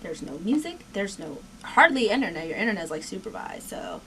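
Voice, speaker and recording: A young woman chatting as a guest in an interview, bubbly and quick to laugh, jumping up in pitch when she quotes people. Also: big pitch swings, fairly bright tone, distant mic, a little hiss or hum. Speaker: reality show cast member, guest. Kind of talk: casual interview chat.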